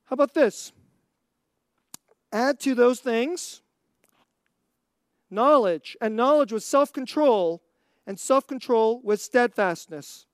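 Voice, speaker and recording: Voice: mid-range voice, lively intonation, slow pace, long pauses, no room sound, studio quality. A preacher giving a sermon, asking the listeners rhetorical questions and laughing between points.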